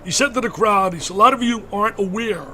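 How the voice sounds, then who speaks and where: High, bright-voiced older man telling a story with fervor. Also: fast talker, a little hiss or hum. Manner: fervent, repetitive, emphatic storyteller. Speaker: interview guest, basketball broadcaster. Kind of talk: emotional storytelling in a radio interview.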